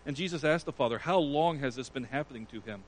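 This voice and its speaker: A man's voice: mid-range voice, fast, a little hiss or hum, rough recording. A man preaching a sermon, retelling a scripture story with earnest emphasis. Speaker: pastor.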